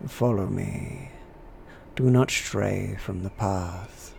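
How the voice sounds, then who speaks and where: A man voicing a towering, sinister preacher who speaks slowly and coldly. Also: low voice, big pitch swings, vocal fry, a little mellow, a little hiss or hum, heavily acted. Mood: menacing. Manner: slow, cold, measured. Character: towering sinister male preacher, eight feet tall.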